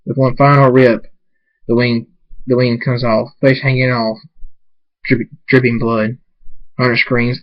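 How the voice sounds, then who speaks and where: A man reads a fan story aloud in a halting way, often stumbling and starting words over. His voice sits at a middle pitch. The recording is dull and lo-fi. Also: flat delivery. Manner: halting, frequent stumbles and restarts. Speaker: reader of fan fiction. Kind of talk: amateur story reading.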